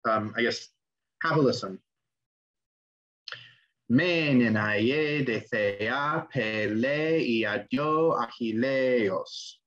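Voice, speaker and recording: A man's voice: medium pitch, a bit bright. A young man teaching an online class, explaining in a casual way with fillers and restarts. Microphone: video call. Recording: dull lo-fi audio.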